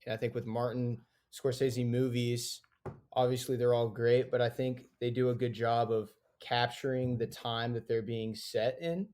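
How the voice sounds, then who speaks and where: A man's voice: medium pitch, fairly even intonation, normal speed, a little mellow. A man co-hosting a podcast, casually explaining a film's premise and why it matters, with some restarts. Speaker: podcast co-host. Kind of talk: casual film discussion.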